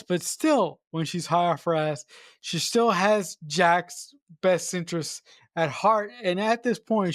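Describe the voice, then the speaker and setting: A man's voice: high-pitched, no room sound, studio quality. A man co-hosting a podcast, casually discussing a film he loves, enthusiastic and swearing for emphasis. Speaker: podcast co-host.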